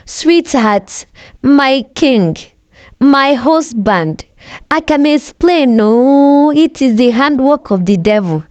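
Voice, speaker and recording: A frantic mother pleads through tears, her voice lifted high and pleading. A woman narrator acts her out at a slow, close, dry delivery. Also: lively intonation, darkish tone, dry recording, highs cut off. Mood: desperate pleading. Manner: wailing, pleading. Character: desperate middle-aged mother begging forgiveness.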